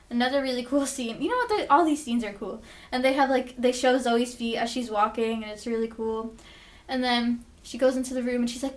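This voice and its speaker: Young woman vlogger, fairly high voice, chatty and excitable, swears freely, acts out the quotes. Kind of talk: casual TV episode recap.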